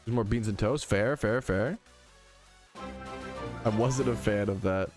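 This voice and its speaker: A man's voice: lowish voice, measured pace, a little mellow, faint music behind. Chatty, cussing young male streamer. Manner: chatty, profane, reads out chat messages. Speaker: gaming streamer. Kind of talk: casual livestream commentary.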